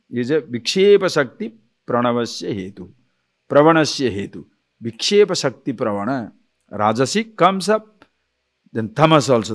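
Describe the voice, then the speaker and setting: A man giving a spiritual lecture on scripture, animated, acting out little dialogues and chanting verses. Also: a little high. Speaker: spiritual teacher.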